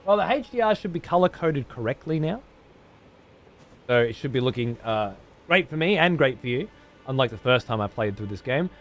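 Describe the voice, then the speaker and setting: A man's voice: mid-range voice, very animated, moderate pace, a bit bright, soft background music. A man streaming a game live, rambling, swearing a lot and chatting to his viewers. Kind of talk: live gameplay commentary.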